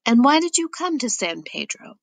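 Woman doing a suspicious young guard, shouting. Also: fairly high pitch, big pitch swings, normal speed, creaky, no room sound, voice pushed up, heavily acted. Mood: suspicious, angry. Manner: shouting, demanding. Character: suspicious angry young male nephew guard.

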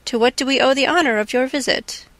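An exasperated opera manager bursts out in a raised, strained pitch, as a woman narrator puts him on. He sounds dry and close in this audiobook reading. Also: fast talker, a bit bright, dry recording. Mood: puzzled. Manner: explosive, exasperated. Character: irritable blustering male opera manager.

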